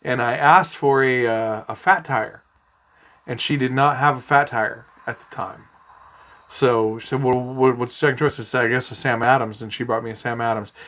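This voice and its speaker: A man's voice: mid-range voice, normal speed. A man casually telling a long, rambling story in a podcast chat, swearing freely. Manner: rambling, profane, animated anecdotes. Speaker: podcast co-host.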